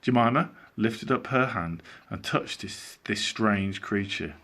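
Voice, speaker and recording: A man reading a children's storybook aloud as a teacher, in an animated, expressive way. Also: lowish voice, slow pace.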